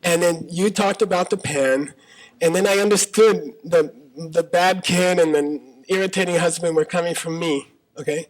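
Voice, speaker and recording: A man's voice: on the high side, normal speed, low-quality recording. A man teaching a Buddhist talk to a live audience in a small auditorium, conversational, often checking in with "okay?" and arguing through questions. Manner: argues by voicing debating partners in questions.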